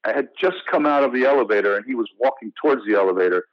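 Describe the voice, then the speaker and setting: An American actor being interviewed, telling stories in a casual, animated way with many restarts and "you know" fillers. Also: male voice, mid-range voice, racing, no room sound, dull audio. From United States. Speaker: actor guest.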